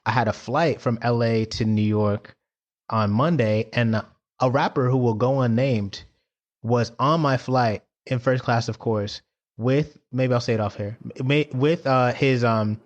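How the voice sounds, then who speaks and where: A man co-hosting a podcast in casual chat, expressive and playful. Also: a little slow, dull audio. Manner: expressive, swooping pitch, playful. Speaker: podcast co-host.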